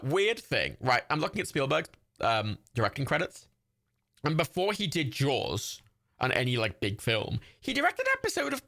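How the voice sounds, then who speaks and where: This livestream host, a man with a slightly high, gravelly, bright voice and forceful tone, delivers loose, rambling watch-party commentary. He swears without restraint and laughs often.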